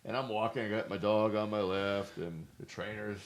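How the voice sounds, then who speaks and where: A man's voice: fairly low pitch, steady tone, normal speed. A talkative man telling funny stories in casual chat, joking and laughing as he goes. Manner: talkative, jokey, laughs at his own stories. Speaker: co-host.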